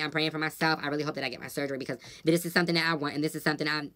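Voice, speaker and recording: A woman's voice: on the low side, sharp tone. A woman vlogger venting casually to her viewers, blunt and profane, telling stories with lots of animation.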